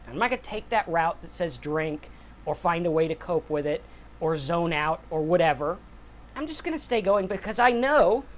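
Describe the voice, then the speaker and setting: A man's voice: high voice, a bit bright, slight background noise. Earnest, rambling man in his forties. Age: 40s. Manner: earnest and rambling, often asks "right?". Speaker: sobriety channel host. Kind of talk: casual reflective monologue.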